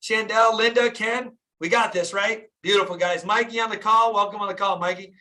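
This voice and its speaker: A dentist and business coach hosts a group video call, preaching a fired-up motivational talk and repeating phrases for emphasis. His voice is high-pitched, bright and forceful, with fairly even intonation at normal speed.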